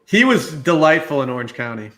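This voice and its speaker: A man's voice: fairly high pitch, sing-song, a little fast, pushed and bright. A man in casual comedic banter, playful and mock-earnest. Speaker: panelist.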